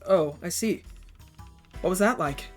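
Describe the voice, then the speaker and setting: A woman's voice: fairly low pitch, unhurried, a little mellow, faint music behind. Streamer gal reading as a curious polite young woman from brooklyn, asking lots of questions.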